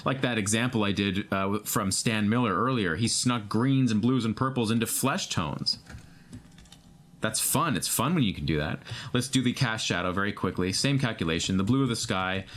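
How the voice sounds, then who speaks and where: A man's voice: fairly low pitch, expressive, moderate pace, fairly bright tone. A man teaching a digital painting lesson, thinking aloud as he paints. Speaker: painting instructor.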